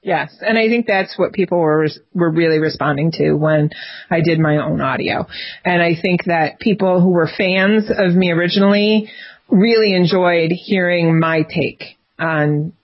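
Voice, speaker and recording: A woman's voice: lowish voice, moderate pace. A woman author chatting loosely in an interview, circling back on her words as she goes. The audio is muffled and dull. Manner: chatty, rambling with frequent restarts and laughs. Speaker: author guest. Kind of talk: casual interview chat.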